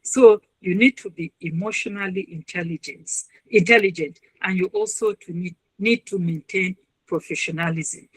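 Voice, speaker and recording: A woman's voice: fairly low pitch, moderate pace, breathy edge, dry recording, low-quality recording. A woman, a university registrar and counselor, earnestly advising listeners in a webinar talk over a video call. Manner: earnest, advising, acts out quoted voices.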